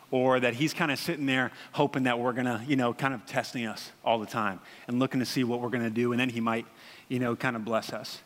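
Animated man preaching in a reverberant hall. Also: medium pitch. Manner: conversational, animated storytelling with frequent fillers. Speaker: pastor. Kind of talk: sermon.

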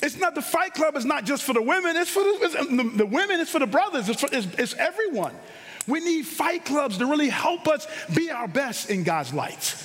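A very high-pitched male pastor delivering a sermon. He speaks with punchy fervor and repeats words to drive his points home. A long hall reverb follows his voice. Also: big pitch swings, a little fast, fairly bright tone.

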